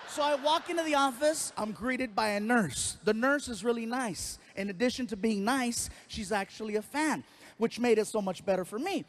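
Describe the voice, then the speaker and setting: A man doing stand-up storytelling on a comedy stage with a handheld mic, animated and exaggerated. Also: extremely high pitch, normal speed, slight background noise. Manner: animated, exaggerated, big vocal swings. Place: comedy stage before a crowd.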